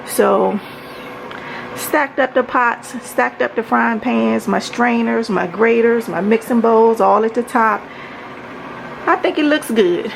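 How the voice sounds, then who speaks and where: This Maryland woman, who makes home organization vlogs, is breathless as she chats her way through a kitchen tour, calling her audience y'all. She has a fairly high, gravelly voice and takes things slowly, with a slight hiss or hum in the recording.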